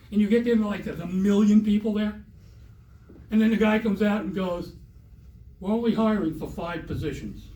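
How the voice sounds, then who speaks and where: A man's voice: high voice, mellow. A middle-aged man performing a stand-up comedy set on a theater stage, telling rambling, repetitive stories. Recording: roomy, distant live-room recording.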